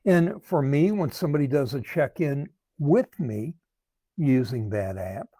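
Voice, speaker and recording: A man speaking as a recovery coach, giving earnest advice to camera in a slow, thoughtful way that often repeats words. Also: mid-range voice, expressive, warm tone, dry recording. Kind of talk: talking to camera, advice monologue.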